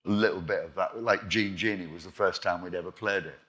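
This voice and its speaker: An older English man, a guest musician, spins lively stories of past recording sessions and acts out each back-and-forth himself. His voice sits very low but comes across bright and forceful. He swears freely as he tells them. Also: brisk. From England. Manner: animated anecdotes, acting out quoted exchanges, swears freely. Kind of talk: storytelling in a live interview.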